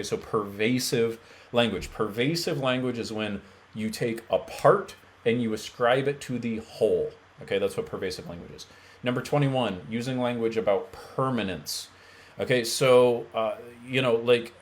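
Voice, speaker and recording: A man speaking as a mental health coach, talking bluntly and emphatically straight to his viewers. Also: fairly low pitch. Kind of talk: direct-to-camera coaching talk.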